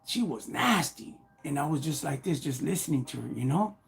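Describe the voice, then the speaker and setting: A middle-aged man telling a personal story casually on a live stream, animated and slang-heavy, acting out what people said. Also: a little high, normal speed, vocal fry.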